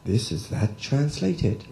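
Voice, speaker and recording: A man's voice: mid-range voice, big pitch swings, slow pace, gravelly. A man hosting a live online jam session, joking around in a playful, teasing, mock-teacher tone. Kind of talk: goofy banter over a live online jam. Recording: roomy mic with loud guitar. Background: loud live guitar music.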